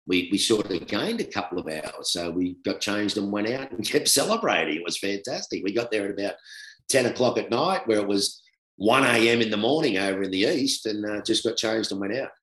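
A middle-aged Australian man, a former cricketer, telling a long anecdote in a casual, animated way, often laughing. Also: fairly low pitch, brisk. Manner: animated, laughing storyteller who acts out quoted voices. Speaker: former cricketer, guest storyteller. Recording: roomy echo.

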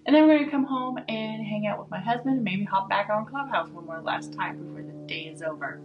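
A young adult woman hosting a casual solo podcast from home, blunt, swearing freely and talking in an animated, chatty way. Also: medium pitch, a little fast, dull audio, background noise. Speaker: podcast host. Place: home with dogs.

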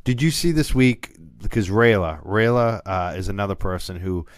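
Male host, very deep voice, hesitant chatty delivery, dry close sound. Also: expressive, moderate pace, no echo. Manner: hesitant, repeats words. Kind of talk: casual talk radio chat.

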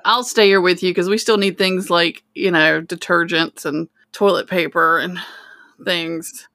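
A woman speaking as a player in a tabletop role-playing game, joking and quick to laugh. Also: fairly low pitch, fairly even intonation, sharp tone, dry recording, studio quality.

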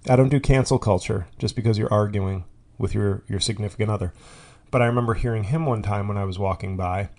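A man's voice: fairly low pitch, fast talker, a little mellow. Rambling man doing a comic monologue. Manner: rambling, tangent-prone, with frequent fillers and restarts. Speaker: podcast host. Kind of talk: comedic monologue.

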